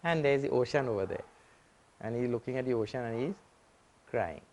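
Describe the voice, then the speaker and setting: A man giving a spiritual lecture as a swami, explaining with simple analogies and repeating key points patiently, growing louder on the important phrases. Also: medium pitch, expressive, fairly quick, a little hiss or hum. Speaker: swami teaching scripture.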